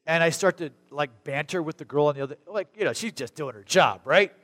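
A middle-aged male pastor from Arizona delivers a sermon in a chatty, animated way, jumping into loud, high bursts of emphasis. His voice sits a little high for a man. The sound carries the long reverb of a large hall. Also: a little fast. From Arizona, USA.

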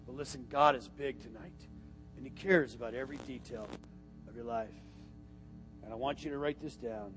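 A man's voice: medium pitch, normal speed, long pauses. Man preaching a sermon over music. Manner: swings from quiet instruction to shouted climax. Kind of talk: sermon with altar call. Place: church sanctuary.

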